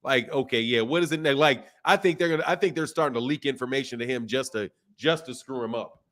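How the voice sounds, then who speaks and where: A man's voice: mid-range voice, fairly quick, a bit bright. A man with a Southern US accent hosting a boxing live stream, talking casually and reading out chat messages in a laid-back, slangy way. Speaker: boxing channel host.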